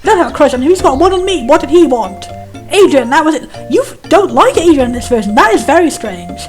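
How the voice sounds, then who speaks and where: A woman commenting on a game she is playing, chatty and quick, with a high voice. Game music plays clearly underneath her talk. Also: very animated. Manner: chatty, comparing versions, swears casually. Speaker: let's play host.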